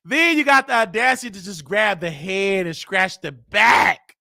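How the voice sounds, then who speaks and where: A man with a Southern US accent hosting a comedic live-stream rant, loud and teasing, breaking into laughs and mock voices. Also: high-pitched, lively intonation, normal speed. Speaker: host.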